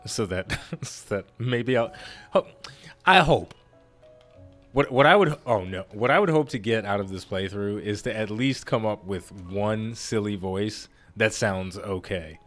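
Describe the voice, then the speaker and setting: Brief: a man with a lowish voice doing relaxed let's-play commentary, chatty and self-deprecating, soft game music underneath. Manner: rambling, self-deprecating, laughs often. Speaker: gaming YouTuber.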